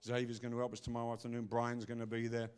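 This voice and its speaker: An older man preaching a sermon in a forceful way, swinging between loud bursts and low asides. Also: monotone, quick pace, clean tone.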